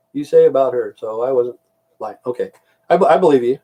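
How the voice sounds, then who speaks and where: In a mellow, medium-pitched voice that runs a little fast, a middle-aged man from the United States vents at the camera. The vlogger's rant is heated and repetitive, peppered with swearing.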